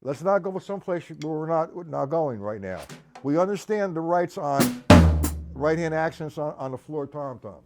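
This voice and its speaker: A man on the high side, with lively intonation at normal speed, talks over loud music while teaching a live-streamed drum lesson in an indoor drum studio. Using a live stream microphone, he counts beats aloud and calls on students by name as drums play.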